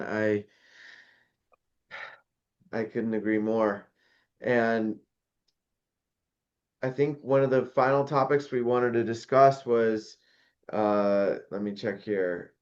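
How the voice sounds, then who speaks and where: A man's voice: on the low side, muffled recording. A man hosting a podcast, agreeing readily and asking questions with some hesitation. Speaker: podcast host. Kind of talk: casual interview chat.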